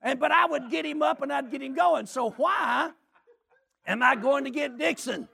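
A middle-aged man preaching a sermon as a lively story, often shouting and laughing as he tells it. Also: very high-pitched, normal speed, creaky.

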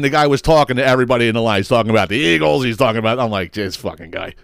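A man's voice: mid-range voice, animated, rapid-fire, gravelly, fairly bright tone, no room sound, studio quality. A man hosting a podcast, telling a rambling, profane story in a casual monologue, often stumbling over his words and laughing at himself. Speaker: podcast host.

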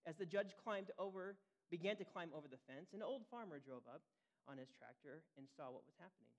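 A man's voice: fairly high pitch, expressive, a little fast. A man preaching a sermon in a conversational way, often checking in with listeners. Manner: conversational, asks listeners questions. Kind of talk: sermon teaching.

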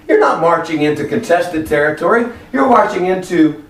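Guy preaching, high voice that swings all over, echoey church hall, mic far off. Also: moderate pace. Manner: animated, acts out voices in stories. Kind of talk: lively sermon.

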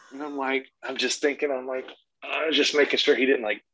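Profane, animated dad telling a story. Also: male voice, mid-range voice, measured pace, no room sound, rough recording. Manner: profane, animated retelling with voiced quotes. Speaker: podcast guest. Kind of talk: casual storytelling.

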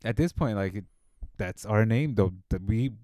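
A man's voice: fairly low pitch, lively intonation, moderate pace, mellow, dry recording, studio quality. A man co-hosting a casual podcast chat, thoughtful and often repeating words as he thinks. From Spanish-speaking family in the United States. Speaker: podcast co-host.

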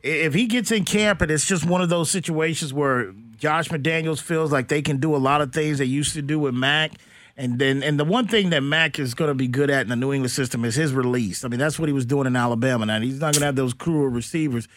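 A man's voice: on the high side, fast, a bit bright, no room sound. A man hosting a sports talk radio show from a studio, blunt and opinionated, rambling through his points.

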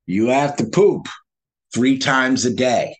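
A man speaks as a guest over a video call, recounting his experiences in a slow, unhurried way. His pitch sits in a middle range, and he livens his telling with laughs and by acting out what people said. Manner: animated, laughing, acting out his own past dialogue. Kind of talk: conversational storytelling.

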